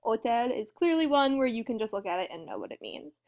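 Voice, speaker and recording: A woman with a slightly high voice walks her students through a lesson. Her manner is friendly and explanatory, and she keeps asking her class questions as she goes. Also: sing-song, a little fast, creaky, a little mellow. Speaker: French teacher.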